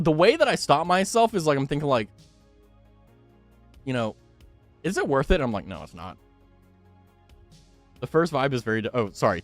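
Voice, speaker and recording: Animated, laughing male streamer. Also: mid-range voice, dry recording. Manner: animated, swears freely and laughs often. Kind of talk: casual chat with viewers.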